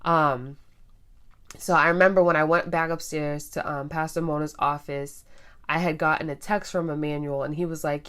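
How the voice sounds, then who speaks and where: A young woman with a low voice tells her story to the camera, chatty and animated. She talks straight to her viewers as if to friends. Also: moderate pace. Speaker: vlogger. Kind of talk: casual storytelling.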